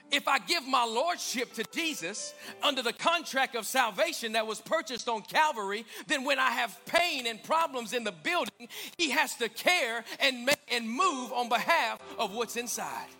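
A man's voice: extremely high pitch, pushed and bright. A male pastor preaching a sermon in a church, driving points home with rhetorical questions and emphatic repetition.

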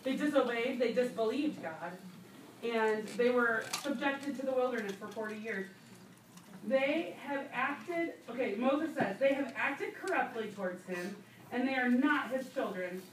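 A woman with a fairly high voice and lively intonation teaches a Bible study to other women, speaking a little slowly. Her conversational sermon teaching includes laughing asides and emphatic repetition. It was recorded from a distant mic in a church room, so it sounds reverberant with slight background noise.

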